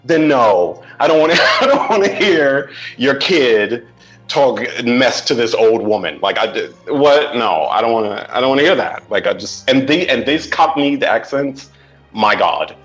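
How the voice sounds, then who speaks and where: A man's voice: medium pitch, expressive, measured pace, a bit bright, highs cut off, faint music behind. A man co-hosting a podcast in casual chat, blunt and theatrically exaggerated. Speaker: podcast co-host.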